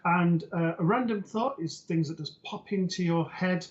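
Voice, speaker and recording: A man's voice: high voice, moderate pace, lo-fi sound. A man co-hosting a live psychic show, reading out viewer greetings and questions with a teasing manner. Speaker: psychic medium co-host.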